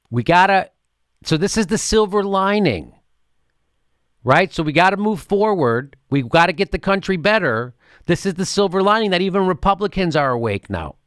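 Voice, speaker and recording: A man's voice: high voice, a bit bright, clean tone, no room sound, studio quality. A man hosting a political commentary show, ranting heatedly with profanity. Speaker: host and comedian.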